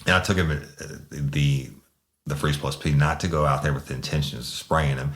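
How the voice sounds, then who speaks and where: A former police sergeant, telling a story in a blunt, profane, rambling way. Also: male voice, rumbling low, fairly even intonation, moderate pace, a bit bright. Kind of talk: casual storytelling.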